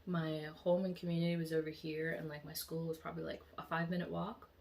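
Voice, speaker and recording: Woman, casual storyteller, rambling and chatty, a bit low-pitched. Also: level tone, quick pace, creaky, darkish tone. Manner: chatty, filler-heavy, rambling. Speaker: vlogger.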